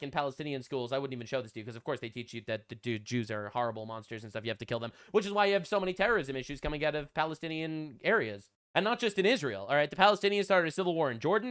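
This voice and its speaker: A sarcastic man riffing through casual reaction commentary, his voice sitting noticeably high for a man. He talks bluntly and crudely, tossing in slang as he goes. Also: fairly bright tone. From United States. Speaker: political commentary host.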